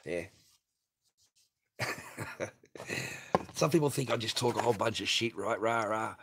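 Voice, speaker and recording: A man's voice: fairly low pitch, a little slow, creaky, noisy background. A man hosting a livestream, ranting crudely and laughing as he reads out viewer messages. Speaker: livestream host reading superchats. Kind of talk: crude casual livestream rant.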